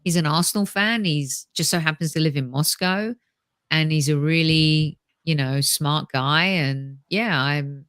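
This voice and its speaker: A woman's voice: low voice, a little slow, a bit bright, clean tone, no echo. A woman guest on a casual podcast chat, talking in a rambling way with restarts and fillers.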